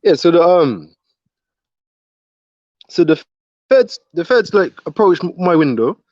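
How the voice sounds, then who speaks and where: A man, talking fast and rambling as a caller from a hospital ward, often repeating and stumbling over his words. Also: on the high side, big pitch swings, a little mellow, dry recording, dull audio. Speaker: caller speaking from a psychiatric ward. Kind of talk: rambling casual chat.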